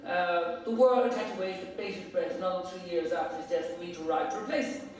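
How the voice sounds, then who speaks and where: Older man addressing an audience, animated, recorded from afar in a reverberant chamber. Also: high voice, brisk, slight background noise. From Ireland. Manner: theatrical, animated storytelling. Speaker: senator giving a speech. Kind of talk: public address with anecdotes. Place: council chamber. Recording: echoey chamber, mic far off.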